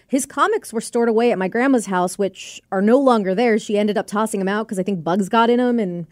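A woman's voice: mid-range voice, fairly quick, a little mellow, no room sound, clean studio sound. A woman co-hosting a podcast, chatting casually with lots of "like". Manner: chatty, lots of "like", laughs easily. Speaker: podcast co-host. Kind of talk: casual chat.

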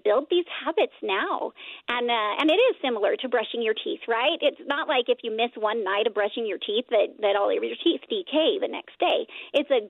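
A woman guest on an interview, talking in a rambling, self-correcting way, with a high, squeaky voice. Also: no room sound. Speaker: guest, nonprofit co-founder. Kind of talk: casual interview talk. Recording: dry, phone-like line.

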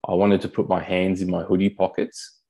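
Man, deep voice, mellow tone, casual blunt talk, says mate a lot. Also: monotone, fairly quick. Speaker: podcast guest. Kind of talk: candid conversational storytelling.

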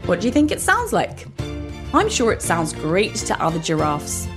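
A woman hosting a children's podcast, reading a script in an animated way and often asking her young listeners questions. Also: lowish voice, normal speed, over music.

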